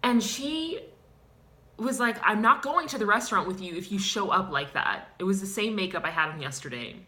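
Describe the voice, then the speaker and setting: A woman's voice: mid-range voice, animated, moderate pace, pushed and bright. A woman playing a self-pitying woman who identifies as a clown, in a comedic character vlog, sighing and ranting with dramatic outbursts. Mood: indignant.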